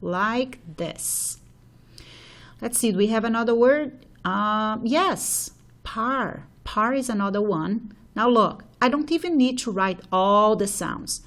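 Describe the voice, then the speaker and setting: A woman's voice: on the high side, expressive, slow, fairly bright tone. A woman teacher explaining a phonology problem step by step, checking in with "okay?" as she writes. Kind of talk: phonology lesson at a board.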